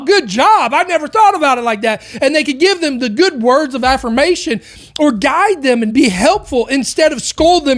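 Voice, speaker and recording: A woman hosting a podcast, delivering an impassioned opinion monologue full of rhetorical questions. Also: high-pitched. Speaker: podcast host.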